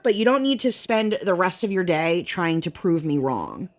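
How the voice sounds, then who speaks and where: A woman's voice: fairly low pitch, sing-song, moderate pace, darkish tone. A woman vlogger and mother chatting casually while she works on a craft, rambling and leaning on "like" a lot. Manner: rambling, chatty, heavy use of "like".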